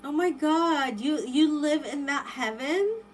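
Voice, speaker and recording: A woman runs a live tarot stream, reading viewer comments and chatting with viewers, reacting with lots of exclamations and rambling restarts. Her high-sitting voice is expressive and slow, on a low-quality recording with a little hiss or hum.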